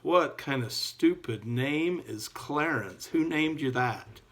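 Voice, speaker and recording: A man's voice: a little high, lively intonation, slow pace, fairly bright tone, voice pushed up. A man voicing a nervous male burglar in a told joke, asking incredulous questions.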